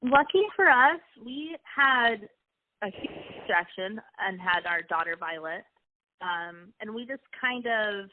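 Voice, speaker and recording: This interview guest, a young woman married to a wrestling coach, has a medium-pitched voice and tells casual personal stories in a chatty, emotional manner full of restarts. The audio is a dry, tinny phone-like line with slight background noise.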